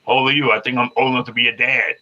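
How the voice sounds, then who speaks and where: A man's voice: medium pitch, little pitch movement, rapid-fire, sharp tone, dull audio. A man in his fifties chatting live with viewers, repeating himself and arguing back at commenters. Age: 50s. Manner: repetitive, restarts phrases, argues back at commenters. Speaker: livestreamer. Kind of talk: casual live-stream chat with viewers.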